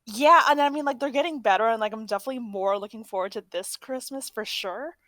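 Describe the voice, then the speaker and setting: A woman's voice: a little high, fast, a bit bright, no room sound. A young woman co-hosting a podcast, chatting casually with rambling, self-correcting speech. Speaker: podcast co-host. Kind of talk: casual chat.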